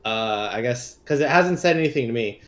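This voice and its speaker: A man's voice: mid-range voice, lively intonation, brisk, a bit bright. A man playing a tabletop game, talking casually and hesitantly with many fillers. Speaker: player.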